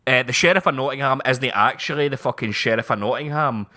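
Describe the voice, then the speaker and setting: A Scottish man in casual chat, swearing freely and telling stories with animated quoted voices. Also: medium pitch, fast.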